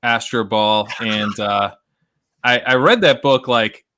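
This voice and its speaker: A man co-hosting a casual podcast chat, laughing often and tossing in quick joking asides. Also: mid-range voice, pushed and bright. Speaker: podcast co-host.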